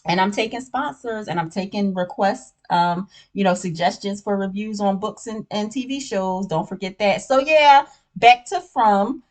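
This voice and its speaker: A woman with a mid-range voice speaks at normal speed while hosting a laid-back TV show recap full of spoilers. Her style is slangy and talkative, she keeps saying "you know what I'm saying," and she sips a drink between lines.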